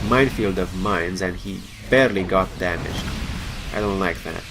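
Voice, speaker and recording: A man's voice: sits low, moderate pace, background noise. A man hosting a casual let's play, joking and rambling as he plays. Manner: jokey and rambling, chuckles at his own jokes. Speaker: gaming channel host.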